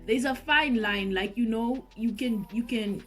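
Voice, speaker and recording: A woman telling a story to her viewers in a lively, animated vlog, speaking straight to the audience. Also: a little high, measured pace, soft background music. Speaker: vlogger and singer.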